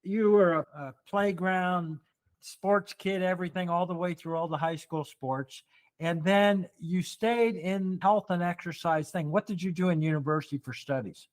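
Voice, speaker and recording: A male host asking slow, encouraging questions in an interview. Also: sits high. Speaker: podcast host.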